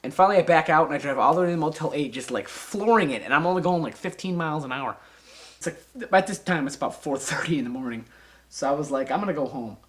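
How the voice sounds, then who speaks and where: A young man being interviewed, telling a casual, animated and profane anecdote and acting out the voices of the people in it. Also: a little high, fast talker. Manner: animated, profane, acts out voices and sound effects.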